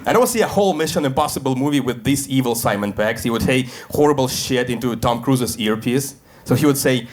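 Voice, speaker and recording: Russian guy doing deadpan standup, lots of uhs, handheld mic in a club. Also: mid-range voice, fairly quick, hardly any pauses, noisy background. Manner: deadpan, with frequent uh fillers and slips in English. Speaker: stand-up comedian. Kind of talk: stand-up comedy set. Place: comedy club stage.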